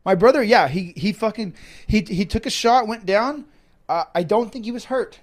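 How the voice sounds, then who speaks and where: A man's voice: high-pitched, normal speed. A fighter in a casual interview, talking in a rambling, profane way and often restarting his sentences.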